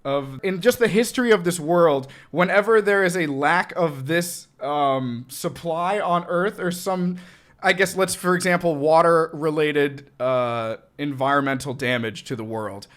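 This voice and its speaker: A young man co-hosting a casual podcast, explaining an idea with many pauses and fillers. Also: on the high side, fairly bright tone. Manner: hesitant, searching for words. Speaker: podcast co-host. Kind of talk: casual chat.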